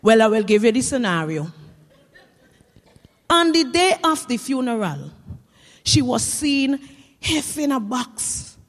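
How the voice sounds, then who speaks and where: A woman tells comic stories in a lively creole style, slipping into the characters as she goes. Her voice sits a little high and carries a long hall reverb. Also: slow pace, pauses often. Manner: lively creole storytelling, acts out scenes. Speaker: storyteller. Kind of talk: comic storytelling.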